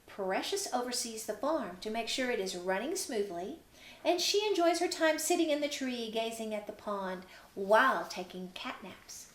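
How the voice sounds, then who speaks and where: A woman hosts a children's story session and reads aloud in a gentle, encouraging manner. Her voice is fairly high and lilting, with a roomy echo around it. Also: sing-song, normal speed. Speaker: storytime host.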